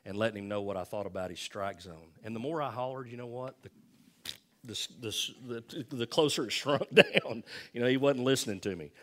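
A middle-aged pastor, telling a self-deprecating story in a folksy, animated sermon. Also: male voice, mid-range voice, fairly quick.

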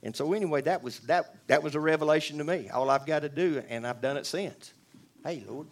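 A man's voice: a little high, fast. Man, church testimony, earnest, conversational, lots of restarts and asides to the room. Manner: rambling, earnest, with many restarts and asides to the audience. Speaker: church member giving testimony. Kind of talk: spoken testimony.

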